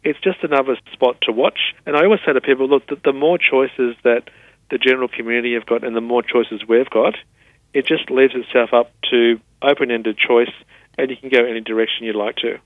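A man, a technology specialist explaining things patiently and spelling words out slowly in an interview. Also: mid-range voice, steady tone, dry recording. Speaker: assistive technology specialist guest. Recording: tinny phone-line sound.

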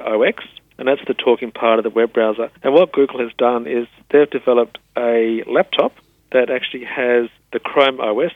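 A man, a technology specialist explaining things patiently and spelling words out slowly in an interview. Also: medium pitch, no room sound. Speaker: assistive technology specialist guest. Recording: tinny phone-line sound.

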